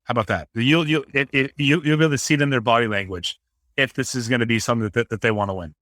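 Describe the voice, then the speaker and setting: Bright-voiced sports podcast analyst. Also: male voice, medium pitch, no echo, clean studio sound. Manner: measured analysis with many "like" and "right". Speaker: podcast co-host. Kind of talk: casual sports chat.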